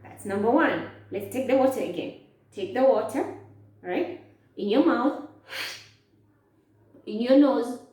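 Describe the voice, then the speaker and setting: A woman teaching a lesson to children, speaking slowly, asking questions and answering them herself. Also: on the high side, animated, mellow. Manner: slow, drawn-out, asks questions and answers them. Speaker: Islamic studies teacher. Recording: echoey, from far off.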